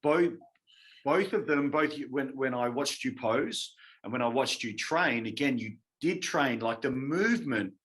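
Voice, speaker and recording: A man hosting a casual chat, who mostly gives short reactions and then asks a halting question. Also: mid-range voice, animated, a bit bright. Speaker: podcast host.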